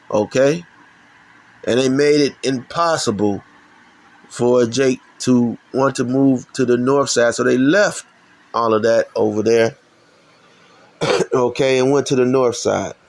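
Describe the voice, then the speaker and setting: A middle-aged man from Chicago delivers a heated, profane religious rant. His voice is gravelly, and he speaks slowly and deliberately. He often trips over his words and starts his sentences again. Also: mid-range voice, poor audio. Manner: heated, profane, repetitive restarts. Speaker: channel host. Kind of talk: ranting religious commentary.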